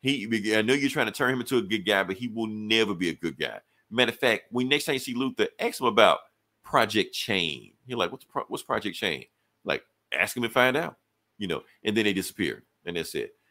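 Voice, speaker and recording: Lively man retelling a comic plot. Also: on the low side. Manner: animated storytelling, casual profanity, quick quoted dialogue. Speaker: podcast co-host reviewing comics.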